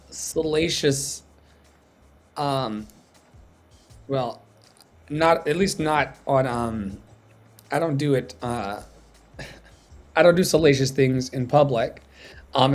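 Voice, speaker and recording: A man hosts a casual live stream in a rambling, filler-heavy way, his voice at an everyday middle pitch. He meanders from point to point as he talks. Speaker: host.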